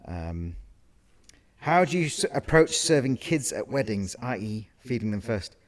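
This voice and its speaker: A man's voice: mid-range voice, big pitch swings, measured pace. A man co-hosting a casual podcast as a caterer, explaining things in detail with asides and self-corrections. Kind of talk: casual chat.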